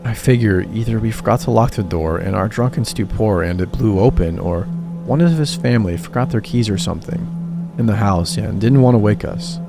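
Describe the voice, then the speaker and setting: A gravelly, slightly low-pitched man reads a true scary story in a steady narrator's voice. Quoted lines come with a touch more lift. Background music plays clearly under him throughout. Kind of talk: scripted narration.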